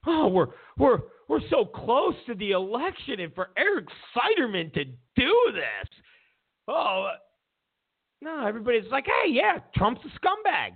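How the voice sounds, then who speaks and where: A man's voice: extremely high pitch, huge pitch swings, a little slow, slightly rough. A man hosting a political commentary show, ranting in a sarcastic, mocking way, stumbling over restarts and mimicking opponents. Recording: tinny phone-like lo-fi sound.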